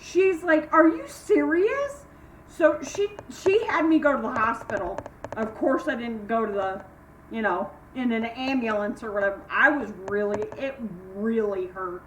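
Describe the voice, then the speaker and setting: An older woman vlogging from home in casual chat, rambling through stories and acting out what people said. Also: moderate pace. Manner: chatty, rambling, acts out quoted voices with sharp jumps in pitch. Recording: echoey room, mic at a distance, faint hiss.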